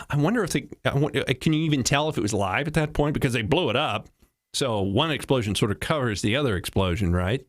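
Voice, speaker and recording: Animated man riffing on news stories. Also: medium pitch. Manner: wry, laughing, slips into mock voices. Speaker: talk show host. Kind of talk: solo comedic news commentary.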